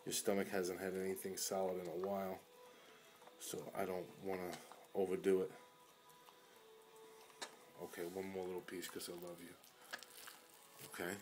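A man with a fairly low voice speaks to his ailing dog at home. His talk is tender and coaxing, full of pet baby talk, and often sinks to a soft murmur. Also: completely flat delivery, moderate pace, long pauses, soft background music. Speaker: dog owner filming his sick pet. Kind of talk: casual home video talking to a dog. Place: at home indoors.

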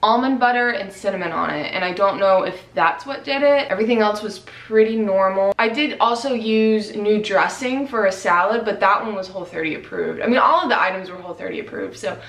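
A young woman vlogging in a casual, rambling way. She talks in a chatty, excitable and emotional manner. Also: medium pitch, fairly quick, hardly any pauses. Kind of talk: casual diet vlog chat.

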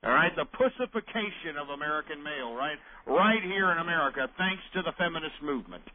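A man's voice: on the high side, expressive, fast, no room sound. A man hosting a call-in radio show, ranting and hurling insults at callers. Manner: abrasive, insulting, belligerent. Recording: tinny phone-like radio audio.

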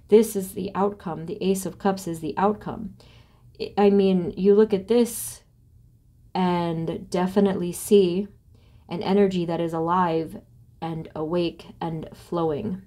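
A woman's voice: on the low side, dark tone. A woman doing a solo tarot reading, thinking aloud as she names cards and asks spirit questions. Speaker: tarot reader.

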